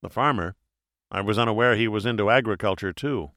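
A man playing a calm, unflappable male investigator with a dry, understated manner. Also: on the low side, fairly quick, dry recording, lightly acted.

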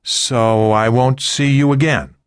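A man's voice: mid-range voice, fairly even intonation, takes it slowly, smooth, pitched above the performer's own voice, natural voice. A man voicing a wary young woman who asks pointed, incredulous questions in an audiobook. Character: wary female flight attendant, incredulous.

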